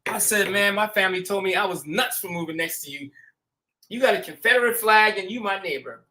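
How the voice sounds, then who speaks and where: A man's voice: sits high, brisk. A man hosting a show, telling stories in a casual, slangy way and acting out quotes. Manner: animated, slangy, acts out quotes with laughs. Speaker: show host. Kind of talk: casual storytelling chat.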